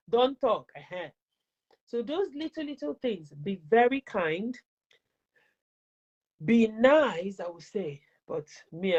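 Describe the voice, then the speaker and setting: A woman from Nigeria with a Nigerian accent, a teacher giving animated, emphatic advice in a casual interview and repeating points for stress. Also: medium pitch. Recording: dull lo-fi recording.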